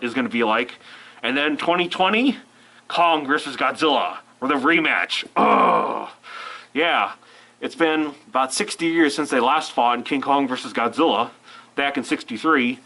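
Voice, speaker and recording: A man's voice: medium pitch, sharp tone, low-quality recording. A man with a cold giving a rambling, self-interrupting casual film review. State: fighting a cold. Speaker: movie reviewer.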